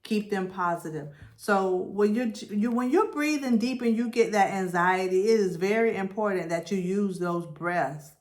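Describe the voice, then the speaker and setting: A woman giving a spiritual tarot reading, talking in a slow, repetitive way and leading the listener through affirmations. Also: mid-range voice. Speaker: tarot reader.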